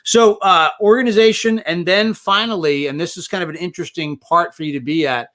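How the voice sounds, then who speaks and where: An older man hosting an interview, telling stories at length with lively enthusiasm. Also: high-pitched, a little fast. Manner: rambling storyteller, enthusiastic. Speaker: interview host. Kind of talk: casual interview talk.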